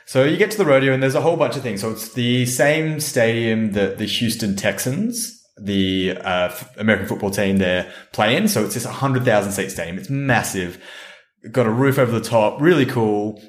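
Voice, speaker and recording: An Australian man co-hosting a podcast, telling a travel story in a relaxed, rambling way. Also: medium pitch, normal speed. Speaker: podcast co-host. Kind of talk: casual chat, storytelling. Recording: roomy echo.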